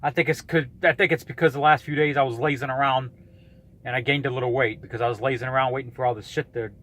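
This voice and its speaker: A man's voice: mid-range voice, steady tone, fast talker, fairly bright tone, slight background noise. A man in his thirties ranting in a vlog, blunt, combative and profane as he calls out a rival. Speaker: YouTuber calling out a rival.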